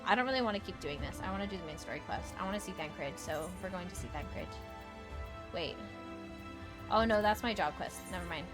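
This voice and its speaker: A woman streaming a video game, chatting casually, repeating herself and breaking into excited squeals. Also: fairly low pitch, fairly quick, over music. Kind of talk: casual gameplay livestream chat.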